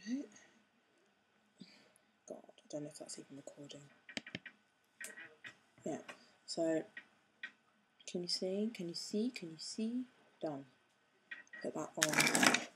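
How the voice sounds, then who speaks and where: A craft tutorial host with a low-pitched voice and lively intonation demonstrates a project step by step, speaking slowly with long pauses. She chats casually, jokes at her own expense, and talks while working with her hands. Background noise is audible.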